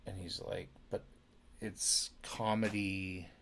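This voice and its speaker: A drunk man rambling through a loose solo monologue, his low voice gravelly with fry. He talks slowly and lurches between loud bursts and mumbled whispers, with a faint hiss of background noise behind him. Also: little pitch movement. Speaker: amateur actor talking about comedy.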